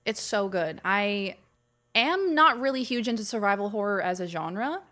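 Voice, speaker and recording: A woman's voice: mid-range voice, expressive, normal speed, bright, forceful tone. A young adult woman hosting a casual live game stream, chatting to viewers in a bubbly, gushing way. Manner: chatty, bubbly, gushes when greeting viewers.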